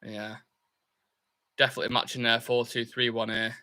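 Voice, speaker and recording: Hosting a fan channel's live football watchalong, a young man talks at a moderate pace in a mid-range voice. He's chatty and casual, reads viewer comments out loud, and cheers his team in sudden excited bursts.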